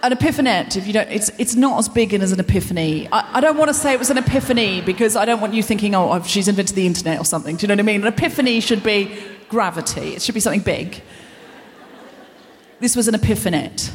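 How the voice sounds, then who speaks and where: A woman's voice: mid-range voice, expressive, quick pace, slight background noise. A woman hosting a comedy podcast live on stage, delivering a rambling, anxious, self-deprecating stand-up monologue. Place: large concert hall stage. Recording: long reverb of a big concert hall.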